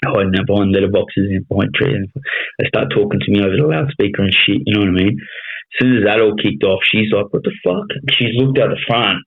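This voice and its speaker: A man in his thirties with a broad Australian accent tells his story in a casual podcast chat, blunt and full of swearing, always checking in with "you know what I mean". His voice sits fairly low. The sound is narrow and tinny, like a phone line. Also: quick pace, husky. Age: 30s. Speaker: podcast guest.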